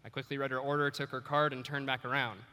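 A man's voice: medium pitch, level tone, fast, pushed and bright, smooth. A young man giving a storytelling speech to an audience, acting out bits of dialogue with shifting voices. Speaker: student officer giving a speech. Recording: echoey hall.

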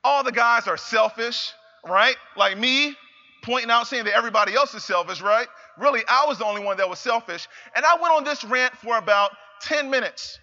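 A young man giving an emphatic motivational speech, repeating phrases and building up to shouts. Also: very high voice, lively intonation, fairly quick. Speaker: motivational speaker. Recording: reverberant hall, slightly dull sound.

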